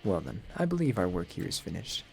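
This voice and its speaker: Dude putting on a snooty rich boy voice, low and clipped, looks down on everyone. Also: big pitch swings, a little fast, vocal fry, darkish tone, faint music behind. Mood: haughty. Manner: haughty, clipped, condescending. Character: cold arrogant rich young man. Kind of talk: amateur game voice-over.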